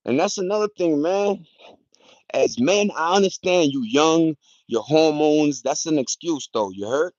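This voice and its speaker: A man chatting loosely on a livestream, using street slang and shouting out viewers by name. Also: a little high, animated, measured pace, dry recording, highs cut off. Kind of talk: casual rambling livestream chat. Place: at home in the countryside, partly outdoors.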